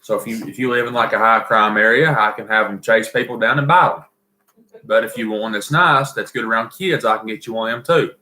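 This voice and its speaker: Southern guy joking around on a live stream, bright voice, echoey room. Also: fairly low pitch, a little fast. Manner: animated, laughs often, folksy. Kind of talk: casual chat and storytelling. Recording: roomy echo.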